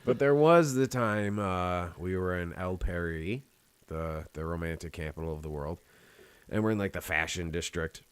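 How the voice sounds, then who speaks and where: A young American man with a lowish voice spins a loose, swearing-heavy story for his podcast. He talks casually and wanders through side remarks as he goes. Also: normal speed, clear, resonant tone, no room sound. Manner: rambling, profane storytelling. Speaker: podcast host. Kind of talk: casual chat.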